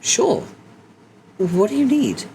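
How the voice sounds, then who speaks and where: Male reader voicing a sweet, polite teen boy, pitched well up. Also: wildly swooping pitch, takes it slowly, a little hiss or hum, full character voice. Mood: eager. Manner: high, bright and eager. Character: polite cheerful teenage boy.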